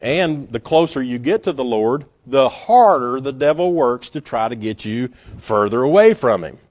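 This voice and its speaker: A male pastor preaching a sermon, telling the story with animated, acted-out scenes and frequent laughs. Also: medium pitch, moderate pace, no room sound.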